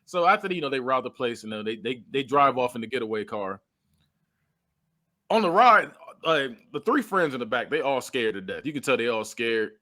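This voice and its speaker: A man's voice: mid-range voice, moderate pace. A man co-hosting a podcast, retelling a movie scene in casual chat, acting out the characters' lines and laughing often. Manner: animated storytelling, acts out quotes, laughs often. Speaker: podcast co-host.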